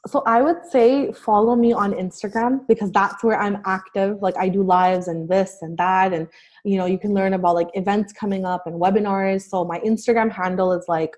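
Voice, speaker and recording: A woman's voice: medium pitch, fairly even intonation, normal speed, a little mellow. A young adult woman, a life coach, talking as a guest in a casual podcast conversation, earnest and encouraging, with many fillers.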